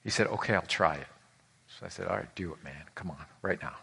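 A male pastor in his forties delivers a conversational sermon in a gravelly, bright voice. He acts out the people in his stories and swings from loud, lively moments to hushed ones. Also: low voice, fast talker.

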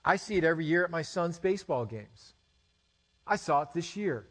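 A man in his forties preaching a sermon, animated, with rhetorical questions and stammered restarts. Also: on the high side, normal speed. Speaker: pastor.

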